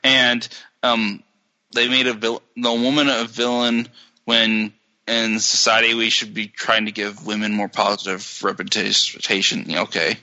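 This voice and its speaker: A sarcastic man explains film plots on a casual podcast. His voice sits low in pitch yet sounds very bright and edgy. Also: little pitch movement, a little slow, dull audio. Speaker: podcast co-host.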